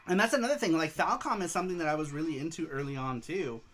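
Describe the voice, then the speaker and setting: A man's voice: a little high, quick pace, fairly bright tone. A man hosting a casual livestream, rambling about games and reading viewer messages aloud. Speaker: show host and streamer.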